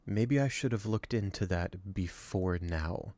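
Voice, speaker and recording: A weary male game streamer chats with his viewers in a flat, low-energy way. He speaks slowly, as if worn out from a long day. His voice sits slightly on the low side. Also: dry recording. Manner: low-energy, dry delivery. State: very tired. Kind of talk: casual stream chat.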